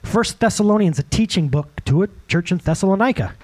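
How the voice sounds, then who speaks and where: A man preaching with a high, husky voice that swoops up and down. He talks straight to the congregation, asks them questions again and again, and breaks into acted-out quotes. It is a lively sermon delivered in a church hall. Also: a little fast. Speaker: pastor.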